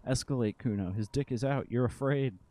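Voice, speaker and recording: A man's voice: mid-range voice, fairly quick, dark tone, dry recording, pitched above the performer's own voice, natural voice. A man voicing an unseen child behind a fence in a game, hissing and scheming as it eggs its friend on.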